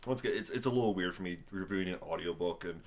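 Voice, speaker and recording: Racing along in a low, darkish voice, a young American man vlogs a book review indoors at home. He's exhausted from a long day and rambles loosely at his tripod camera, leaning on fillers and wry side comments.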